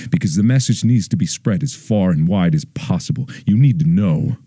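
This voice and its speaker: A man's voice: low-pitched, lively intonation, moderate pace, breathy edge, no echo, clean studio sound. Over-the-top dramatic young man. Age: 20s. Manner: over-the-top solemn, swinging between hushed and shouted. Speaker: YouTuber. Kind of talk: mock-dramatic plea to viewers.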